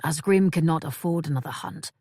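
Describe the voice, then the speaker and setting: A woman voicing a wise, calm male monk in an audiobook, speaking in a measured, solemn way. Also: low voice, husky, dry recording, clean studio sound. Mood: grave. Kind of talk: audiobook character voice.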